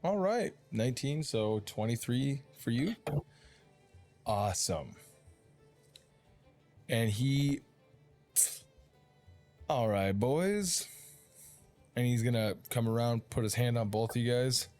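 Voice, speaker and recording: Man, dungeon master, casual storytelling, mid-range pitch, quiet music behind. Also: animated. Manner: casual, loose storytelling with quick asides. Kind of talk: narrating a tabletop game.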